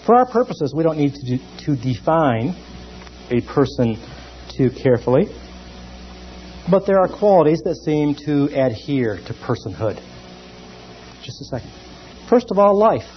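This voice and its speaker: Man lecturing on theology, lively and emphatic, slightly high, dull lo-fi sound. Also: slight background noise. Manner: lively and emphatic, with many pauses. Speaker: theology teacher. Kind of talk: classroom lecture. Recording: dull lo-fi recording.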